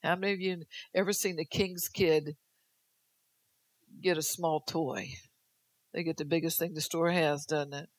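A woman's voice: low voice, fairly even intonation, unhurried, pauses often, no echo. Older lady preaching in church, fired up, slips into prophecy, folksy jokes, dry sound. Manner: exhorting, delivers prophecy in first person as God; folksy, teasing asides. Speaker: church speaker. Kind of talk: sermon. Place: church service.

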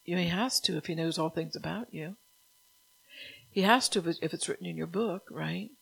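A woman's voice: lowish voice, fairly quick, vocal fry, husky, rough recording. A woman preaching a sermon. She relays God's words in the first person, reads out Bible verses and drops into casual asides to the congregation.

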